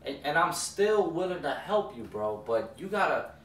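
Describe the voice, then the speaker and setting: A man's voice: on the high side, very animated, moderate pace, a bit bright, slight background noise. An actor playing an exasperated man who lectures a younger relative to get his life together and mentions his own son, in a short film. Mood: lecturing. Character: exasperated older brother figure, father of a son. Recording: roomy echo, distant mic.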